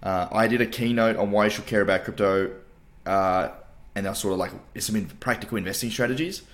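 Hungover Australian male co-host, lowish voice, loose and profane, laughs often. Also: fairly quick. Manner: swears freely and laughs often. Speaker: podcast co-host. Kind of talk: casual chat.

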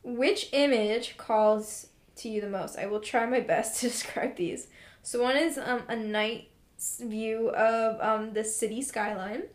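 A woman's voice: fairly high pitch, steady tone, slow pace. Rambling young woman with roomy sound. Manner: rambling, sarcastic, many fillers. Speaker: podcast co-host. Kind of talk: casual podcast chat.

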